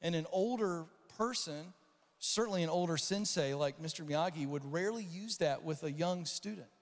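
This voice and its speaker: A man giving a storytelling keynote talk at a conference, animated and acting out the voices and shouts in his stories. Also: fairly high pitch, moderate pace. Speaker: conference speaker. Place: large conference hall. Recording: reverberant hall.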